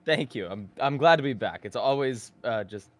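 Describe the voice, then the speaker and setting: A man's voice: mid-range voice, lively intonation, moderate pace. A man guesting on a casual podcast, cheerful and giggly as he chats about music and games.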